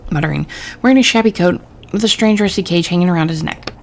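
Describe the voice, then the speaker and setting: Against constant background noise, a woman playing a narrative game casually reads its text out loud for a let's-play. She has a lowish voice and talks fast.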